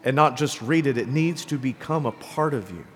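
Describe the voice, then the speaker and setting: A man's voice: mid-range voice, animated, normal speed, a little hiss or hum. Male priest, conversational homily, frequent "right?" tags, long church reverb. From Greenville, South Carolina. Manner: conversational, often tags lines with "right?" and "okay?". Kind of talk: sermon.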